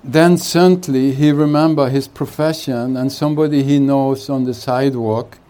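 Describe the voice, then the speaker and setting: A man speaking as a spiritual teacher at a retreat, giving an unhurried satsang talk with jokes and chuckling between his thoughts. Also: medium pitch, steady tone, mellow. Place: retreat hall.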